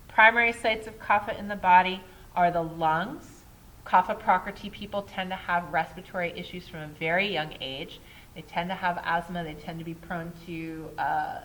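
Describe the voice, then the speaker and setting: Lady teaching a yoga class, lowish voice, keeps saying right?, faint room hum. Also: a bit bright, poor audio. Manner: chatty, often asks "right?", laughs at herself. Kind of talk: casual classroom lecture.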